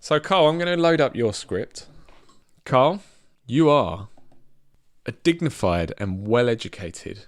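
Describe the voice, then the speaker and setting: Laughing often, a man with an expressive mid-range voice co-hosts a comedy podcast and bosses his co-hosts through a silly game he sets up. He speaks slowly, and the recording is dry. The chat is casual and giggly.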